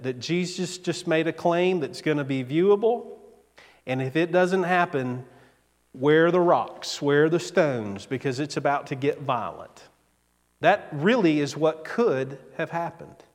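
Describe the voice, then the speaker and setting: Slow-preaching pastor in a reverberant hall. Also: male voice, on the high side, animated. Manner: dramatic pauses, slow deliberate preaching. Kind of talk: sermon.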